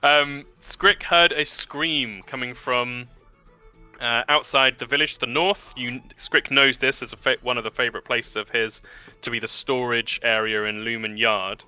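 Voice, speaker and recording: A man narrating a tabletop game as game master, relaxed with many fillers. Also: medium pitch, normal speed, smooth, soft background music.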